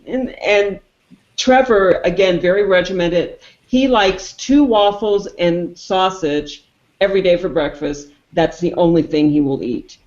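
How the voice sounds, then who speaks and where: An animated co-host of a film review show, retelling scenes in casual chat and acting out the characters' lines. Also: mid-range voice, measured pace. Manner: animated storyteller who acts out the characters' lines. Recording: roomy, dull lo-fi sound.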